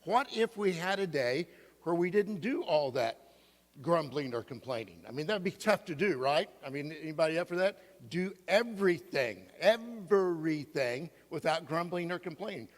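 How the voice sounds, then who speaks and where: Middle-aged male pastor, playful and interactive, slightly high voice, echoing sanctuary. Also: lively intonation, normal speed. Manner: playful, asks the congregation questions. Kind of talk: sermon. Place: church sanctuary. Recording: long reverb of a church hall.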